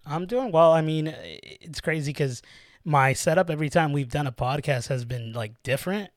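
Dude co-hosting a podcast from a tiny room, laughs a ton, dry sound. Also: male voice, on the high side, moderate pace, no room sound. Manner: animated, laughs a lot, says dude. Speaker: podcast co-host. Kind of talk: casual podcast chat. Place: small cramped room under stairs. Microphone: not his usual mic setup.

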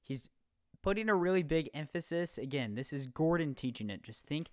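A man's voice: fairly high pitch, animated, moderate pace, no echo, clean studio sound. A young man in his twenties hosting a podcast, talking in a loose, upbeat, rambling way with plenty of fillers. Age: 20s. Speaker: podcast host. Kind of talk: casual podcast talk.

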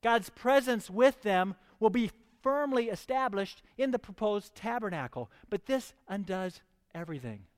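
High-voiced preacher in a reverberant hall. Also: male voice, expressive, normal speed, few pauses. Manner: reads scripture, then preaches with rising fervor. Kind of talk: sermon.

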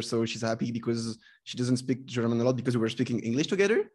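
Young French man, podcast guest; relaxed, halting, filler-heavy English. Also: mid-range voice. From France. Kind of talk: casual podcast chat.

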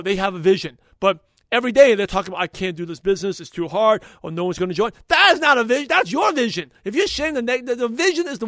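Rapid-fire high-voiced motivational man. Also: no room sound, clean studio sound. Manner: energetic, motivational, talks fast when passionate. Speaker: podcast host. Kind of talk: enthusiastic podcast recap.

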